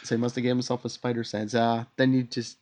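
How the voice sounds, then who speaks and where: A man's voice: mid-range voice, flat delivery, fast talker, a little mellow. A man co-hosting a podcast, casually recapping a comic and reading villain lines aloud with loose theatrical flair. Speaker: podcast co-host.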